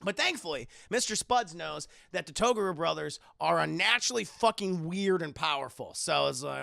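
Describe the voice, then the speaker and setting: Young guy streamer, high gravelly voice, swears a lot, dry close mic. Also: normal speed, few pauses, no room sound. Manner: profane, animated, repetitive. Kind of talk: live-stream episode recap.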